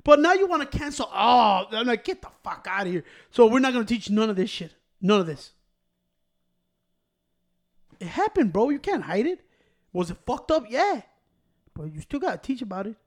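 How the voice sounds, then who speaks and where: A man's voice: very high-pitched, very animated, moderate pace, vocal fry, pauses often. A man on a casual podcast, ranting heatedly with lots of swearing and bits of Spanish. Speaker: podcast co-host. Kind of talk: casual chat.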